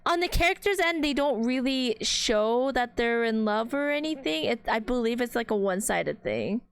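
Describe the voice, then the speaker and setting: A giggly woman hosting a casual podcast, her pitch a little high and swinging widely as she talks. Her voice sits close and dry on the mic. She laughs easily and teases as she goes. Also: lively intonation, moderate pace, clear, resonant tone, no room sound. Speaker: podcast host. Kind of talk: casual chat while watching a game.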